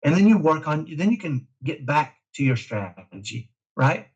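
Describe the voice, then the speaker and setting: Energetic husky-voiced man from Texas. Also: fairly high pitch, moderate pace, highs cut off. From Dallas, Texas. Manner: energetic, emphatic, self-described type A. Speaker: parent guest. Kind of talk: casual podcast interview.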